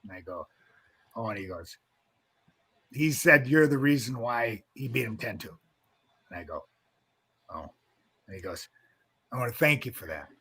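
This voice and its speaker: A man's voice: mid-range voice, normal speed, long pauses, husky, no room sound. A middle-aged man, a wrestling coach, casually telling a story and acting out the voices in it, laughing often. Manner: animated storyteller, acts out quotes, laughs often.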